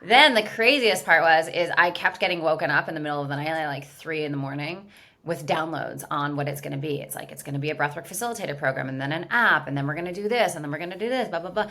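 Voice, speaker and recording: On a relaxed podcast interview, a Californian woman who founded a business talks quickly in a deep, sharp-toned voice. She tells her story frankly and with animation, leaning heavily on "like."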